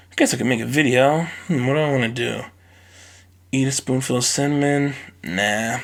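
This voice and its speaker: A man voicing a bored, aimless young man who mumbles in a low drawl while planning a stunt video. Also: gravelly, lightly acted.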